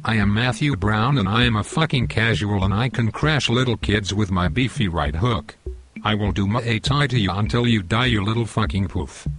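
A male text-to-speech voice playing a boastful, violent football hooligan, in a flat robotic delivery. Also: fairly low pitch, normal speed, soft background music, natural voice. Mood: boastful threats.

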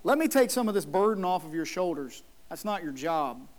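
High-voiced man preaching a sermon. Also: sing-song, fairly quick. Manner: emphatic, acts out the whining brother. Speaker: pastor. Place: church.

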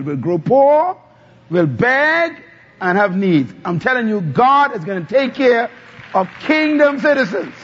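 A male pastor preaching a sermon, calling on the congregation to answer back. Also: very high-pitched. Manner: call-and-response preaching, asks the congregation to answer. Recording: dull lo-fi sound.

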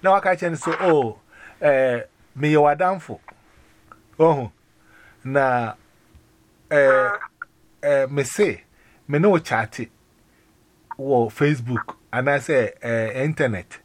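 A man with a Ghanaian accent in a casual phone chat, talking in an animated, rambling way with many restarts and exclamations. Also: mid-range voice, slow, pauses often, dry recording. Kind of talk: casual phone chat mixing Twi and English.

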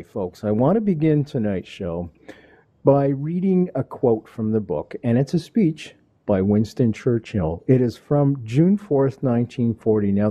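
A man hosting an interview show with a very dark, deep timbre. He talks in an enthusiastic, showman-like way, speaking straight to the audience and pitching up on his hooks. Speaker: host.

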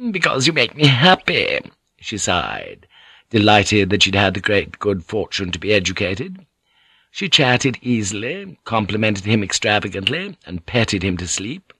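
A man reading an audiobook novel aloud in a measured, expressive narration. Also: low voice, no room sound.

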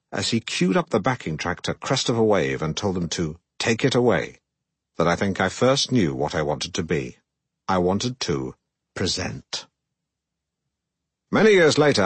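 Pompous middle-aged broadcaster, comic audiobook narration, husky, lowish, deadpan, bouncy pitch. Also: male voice, dry recording, heavily acted. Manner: pompous, self-regarding, deadpan. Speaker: narrator of own memoir.

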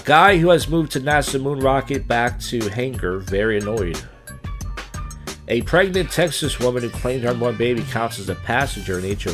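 A man live streaming, reading odd news headlines in a crude, rambling way with off-the-cuff jokes. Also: mid-range voice.

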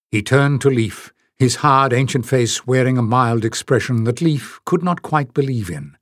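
A man narrating a fantasy audiobook in a steady, even storytelling manner. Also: mid-range voice, moderate pace, few pauses, no room sound, studio quality. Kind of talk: scripted narration.

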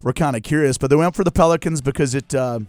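A man's voice: mid-range voice, a little mellow, no echo. A man hosting a sports radio show, chatting and joking in a rambling, casual way from a studio. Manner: jokey, rambling, quick to laugh. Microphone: studio microphone.

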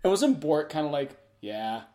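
A woman's voice: sits low, big pitch swings, normal speed, warm tone. A woman co-host in casual chat, adding brief reactions and teasing asides. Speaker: podcast co-host.

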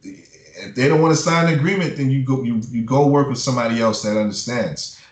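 A man's voice: mid-range voice, brisk. A man who works as a music publisher, giving blunt, profane advice in a casual interview and ranting with heat. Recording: roomy echo.

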